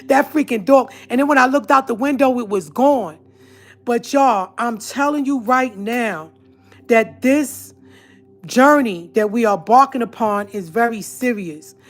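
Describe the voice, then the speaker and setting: A woman's voice: fairly high pitch, unhurried. Earnest New woman telling her story. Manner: earnest, emphatic, addresses viewers directly. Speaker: vlogger. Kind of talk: personal testimony storytelling.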